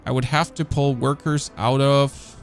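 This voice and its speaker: A man's voice: medium pitch, steady tone, a little slow, faint music behind. A man from Germany with a German accent, commentating casually on a game he is streaming, thinking aloud and talking to his chat.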